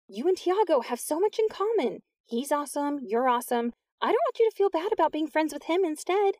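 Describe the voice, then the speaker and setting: An anxious teenage girl, put on by a woman reading aloud, her voice pitched up high and spilling out in heated, pleading bursts. The recording is close and dry, with no room sound around her. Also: sing-song, darkish tone, no echo. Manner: heated, pleading, quick to self-pity.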